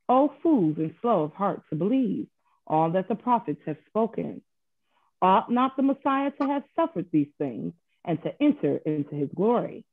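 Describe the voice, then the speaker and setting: A woman reading scripture aloud to a class in a measured, formal way. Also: medium pitch, dry recording. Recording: tinny, dry phone line.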